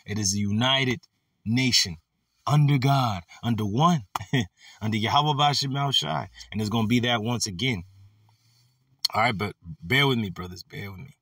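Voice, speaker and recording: A man preaching a casual, animated sermon, reading Bible verses and adding slangy asides. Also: mid-range voice, dry recording, studio quality, far from the mic. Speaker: preacher teaching scripture.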